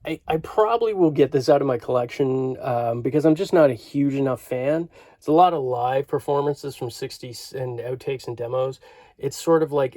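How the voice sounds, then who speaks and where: A man's voice: mid-range voice, mellow, no echo. A man in his fifties from Canada, flipping through his record collection in a rambling, enthusiastic casual vlog full of fillers.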